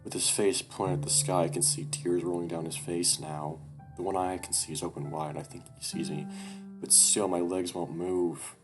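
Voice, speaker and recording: A man's voice: low voice, flat delivery, moderate pace, music in the background. A man reading a visual novel aloud in a casual way, swearing and breaking off for his own asides.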